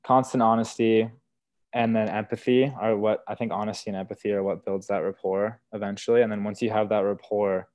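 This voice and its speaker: A man's voice: fairly low pitch, little pitch movement, a little fast, darkish tone, no echo. A young man telling stories from his work as a wilderness therapy guide in casual, earnest podcast talk, full of "like" and "you know". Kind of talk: casual conversational storytelling.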